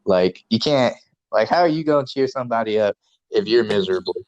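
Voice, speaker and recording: A man co-hosts a casual podcast, rambling in a laid-back way and swearing offhandedly. His voice is lowish, expressive, brisk and a little mellow. The recording is dull, lo-fi and dry, with no echo.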